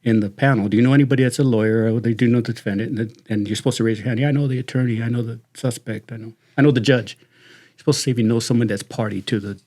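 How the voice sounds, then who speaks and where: Speaking very fast in a warm, mid-range voice with fairly even intonation, this retired sheriff's deputy spins casual stories. He's middle-aged, Southern Californian in accent, and laughs his way through profane anecdotes.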